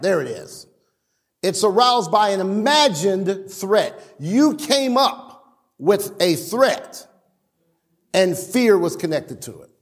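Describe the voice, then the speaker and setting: High-pitched preacher in a reverberant church. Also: male voice, takes it slowly. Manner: animated preaching with stammered restarts and acted-out quotes. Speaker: pastor. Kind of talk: sermon. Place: church sanctuary.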